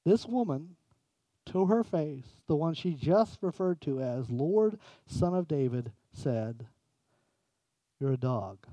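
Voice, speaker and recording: A man with a notably high voice delivers a sermon as pastor. He drives his points with emphatic lifts, then drops to hushed, intimate phrasing. The sound is dry and close. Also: animated, slow pace, no room sound. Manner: emphatic, swings between raised and hushed delivery.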